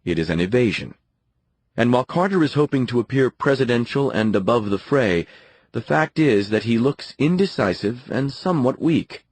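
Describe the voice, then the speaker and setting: A man narrating a nonfiction audiobook in a measured, dramatic storytelling manner. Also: mid-range voice, expressive, a little mellow, slightly rough, dry recording.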